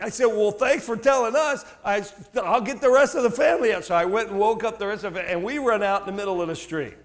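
A middle-aged male pastor telling a story in a sermon, asking the congregation questions and shouting for emphasis. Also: high-pitched, fast, few pauses. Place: church before a congregation.

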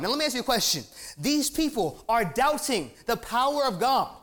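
Excitable high-voiced male preacher. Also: moderate pace. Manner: excitable, emphatic, asks the crowd for amens; repeats words when fired up. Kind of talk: sermon.

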